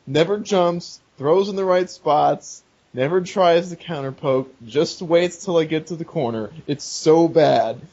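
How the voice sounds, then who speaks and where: A man's voice: a little high, measured pace, darkish tone. A man on a casual podcast, laughing as he retells a story. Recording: muffled lo-fi audio with faint hiss.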